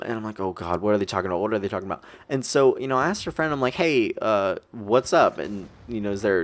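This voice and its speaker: A young man casually telling a long party story, rambling and swearing, jumping up in pitch when he acts out quotes. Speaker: storytelling vlogger.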